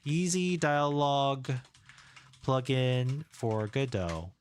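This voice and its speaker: A man streaming live as a game developer, thinking aloud in a relaxed, rambling way as he works and chats. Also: medium pitch, slow pace, slight background noise. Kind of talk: casual live-coding stream.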